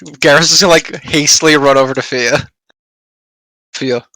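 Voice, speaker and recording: A man's voice: a little high, steady tone, normal speed, sharp tone, no room sound. A man playing a tabletop game, casually describing what his character does. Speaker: player.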